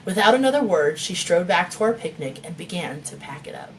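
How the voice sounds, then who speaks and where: A woman's voice: fairly low pitch, sing-song, a little fast, background noise. Laughing woman author, swearing freely. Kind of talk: reading her novel aloud, then chatting with viewers. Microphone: phone.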